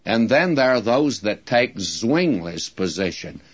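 Slow, low-voiced male preacher. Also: sing-song, slightly rough. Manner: slow, deliberate, drawing out key words for emphasis; addresses listeners directly, folksy asides. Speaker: Bible teacher. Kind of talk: sermon-style Bible teaching. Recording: dull lo-fi recording.

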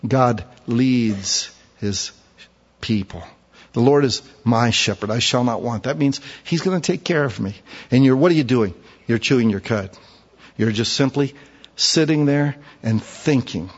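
A man preaching a sermon, telling folksy stories and switching between quiet asides and loud, emphatic points. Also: medium pitch, normal speed, slightly rough, long reverb tail, dull audio. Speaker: pastor.

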